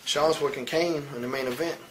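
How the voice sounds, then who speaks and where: A man's voice: fairly high pitch, fairly even intonation, a little fast. A man in his forties, a former wrestler, talking bluntly and profanely in a candid interview, with faint hiss behind him. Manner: blunt, profane, heated storytelling. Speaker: retired pro wrestler as interview guest.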